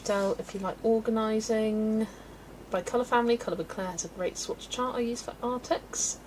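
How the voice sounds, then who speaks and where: A woman's voice: a little high, fairly even intonation, moderate pace, slight background noise, rough recording. A woman from England's West Country, chatting casually and laughing often as she reads out viewer comments while colouring on a livestream. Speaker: livestream host.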